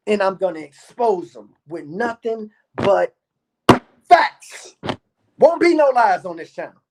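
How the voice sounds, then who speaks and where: A high-pitched, slightly mellow male voice belongs to a YouTube commentator who boasts to his audience. His monologue is profane and repetitive, and he curses a lot.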